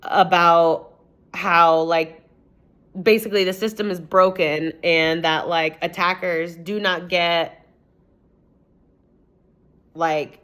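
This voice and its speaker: A woman's voice: fairly low pitch, fairly even intonation, slow, long pauses, fairly bright tone, clean tone. Young woman telling a story, swearing freely. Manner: rambling, swears a lot, heavy use of "like". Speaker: vlogger. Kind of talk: casual storytelling monologue.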